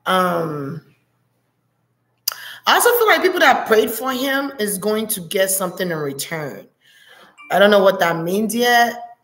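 A woman's voice: medium pitch, big pitch swings, unhurried, pauses often, a bit bright, echoey room. A woman giving a spiritual reading as a monologue, talking intensely and repeating prayer words like a chant. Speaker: spiritual reader.

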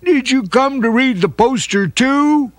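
A man voicing a friendly, encouraging male dog in a children's storybook, speaking slowly and kindly. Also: extremely high pitch, no room sound, voice pushed up. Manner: kind, coaxing, slow and emphatic. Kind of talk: storybook character voice.

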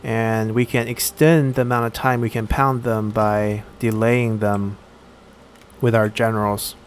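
A man giving casual let's-play commentary while he plays a strategy game, thinking aloud and pausing often on fillers. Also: fairly low pitch, flat delivery, slight background noise. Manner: thinks aloud, halting with frequent "uh".

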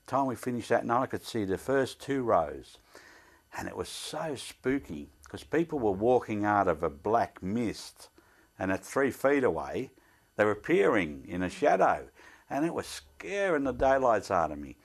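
Older man, deep voice, earnest plain-spoken storyteller of faith. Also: big pitch swings, normal speed, vocal fry. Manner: devout, speaks earnestly of faith. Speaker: interviewee. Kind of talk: telling a personal story.

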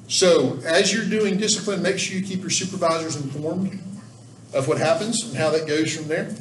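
A man giving a church volunteer training talk, folksy and earnest, stressing key rules with emphasis. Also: high-pitched. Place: church room. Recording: echoey room, distant mic, faint background noise.

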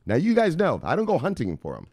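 A man's voice: on the high side, wildly swooping pitch, fast talker, darkish tone, no echo, clean studio sound. A man vlogging casually to his viewers about crypto, rambling, offhand and profane.

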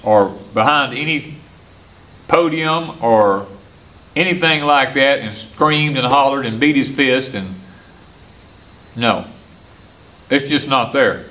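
A man's voice: medium pitch, slow pace, long pauses. An older Southern man, a homesteader and former preacher, gives a folksy porch-side sermon and repeats his points. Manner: folksy, repetitive, animated. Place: outdoor porch.

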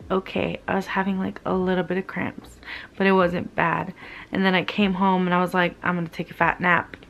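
A woman's voice: mid-range voice, muffled recording, slight background noise. A young woman telling a story to her vlog camera while still in pain, her voice worn and weary. She talks candidly and casually, with swearing and plenty of "like" filler. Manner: candid, swearing, heavy use of "like". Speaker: vlogger.

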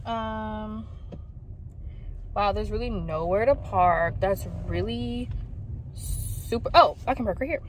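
A woman's voice: mid-range voice, takes it slowly, pauses often, slight background noise. A woman vlogging from her car, chatting and ranting casually in slangy everyday talk. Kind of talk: casual vlog chat. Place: in a car while driving.

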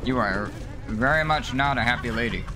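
A man commentating his own gameplay, swearing and mocking himself in exasperated rants, with sudden high yelps when frustrated. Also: moderate pace, noisy background. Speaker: let's play gamer.

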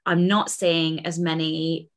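Low-voiced woman co-hosting a chatty podcast. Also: level tone, slow pace. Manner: chatty, thinks aloud, lots of fillers. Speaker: podcast co-host. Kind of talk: casual chat.

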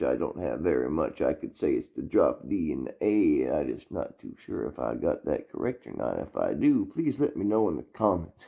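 A man's voice: sits low, creaky, warm tone. A man with a put-on Southern American drawl, teaching guitar in a rambling, self-mocking, casual way.

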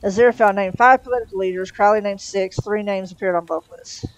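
A woman reading a comic novel aloud, steady, with small slips and restarts. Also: mid-range voice, quick pace, no echo, poor audio. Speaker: storyteller.

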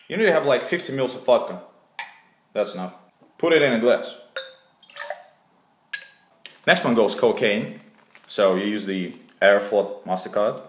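A man with a Russian accent hosting a deadpan comedy recipe video, hesitating often with fillers. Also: mid-range voice, noisy background. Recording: echoey room.

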